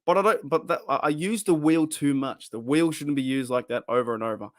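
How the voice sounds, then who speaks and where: Live-stream host, Australian man, slightly high voice, loose rambling delivery, dry close mic. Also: brisk, dry recording. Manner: rambling, laughs often, trails off and restarts. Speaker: fan channel host. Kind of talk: casual live-stream chat.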